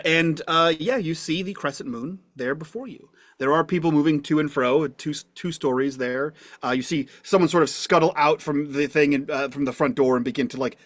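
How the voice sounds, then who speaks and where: A man's voice: a little high, a bit bright, no room sound. A man running a tabletop game as game master, describing scenes with many fillers.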